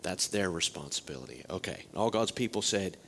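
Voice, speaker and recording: A man's voice: sits low, brisk, slight background noise. A male pastor preaching a sermon in a joking way, asking the congregation many questions. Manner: lively, joking, rhetorical questions.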